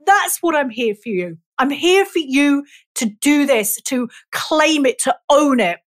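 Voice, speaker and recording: A woman's voice: high-pitched, lively intonation, unhurried. A woman hosting a motivational podcast, speaking in earnest, emotional, emphatic affirmations that repeat and now and then swear for emphasis. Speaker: podcast host and life coach.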